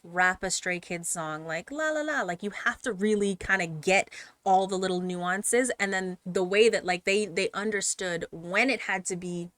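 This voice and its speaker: A woman hosting a reaction channel, chatting casually and getting excited, sometimes shouting and laughing. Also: fairly low pitch, moderate pace, no echo. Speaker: K-pop reaction channel host.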